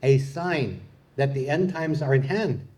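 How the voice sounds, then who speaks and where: A man's voice: mid-range voice, unhurried, mellow, a little hiss or hum. A man performing a live stand-up comedy set, delivering puns to an audience in a hall. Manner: punning, playful delivery with audience laughter.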